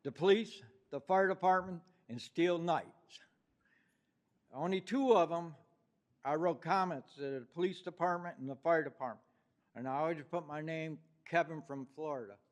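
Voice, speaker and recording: A man's voice: on the high side, normal speed. An older man with a New York accent giving a rambling, heartfelt public comment at a city council meeting. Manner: rambling, heartfelt, with many fillers.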